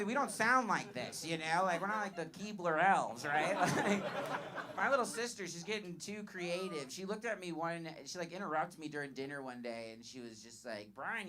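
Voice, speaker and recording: A man doing a self-deprecating stand-up set with a small, high-ish voice, laughing at his own jokes. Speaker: stand-up comic. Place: comedy club with live audience. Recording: live club with audience noise.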